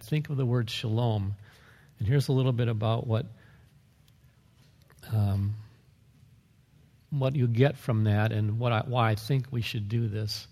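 Male pastor, mid-pitched gravelly voice, chatty sermon delivery, reverberant hall. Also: dark tone. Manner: conversational preaching with asides and chuckles.

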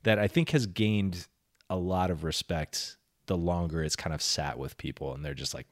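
A man's voice: deep voice, moderate pace, dry recording, clean studio sound. A man co-hosting a movie podcast, chatting in an easygoing, agreeable way. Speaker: podcast co-host. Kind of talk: casual movie podcast chat.

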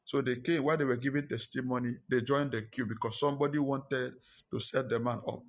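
A man's voice: mid-range voice, fairly even intonation, fairly quick. A man preaching a sermon, telling a personal story and repeating his lines for emphasis.

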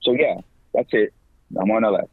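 A middle-aged man, a podcast guest and evangelist, talking about faith in a casual, slangy way, with his voice jumping up when he gets excited. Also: normal speed, husky, no room sound. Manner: animated, slangy, pitch leaps when excited. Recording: tinny phone-like line, dry.

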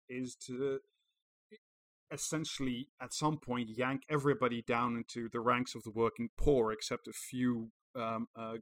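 Guy reading some article out loud on a podcast, sarcastic, cursing. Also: medium pitch, low-quality recording. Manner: sarcastic, swears freely. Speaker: podcast co-host. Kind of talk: reading an article aloud with commentary.

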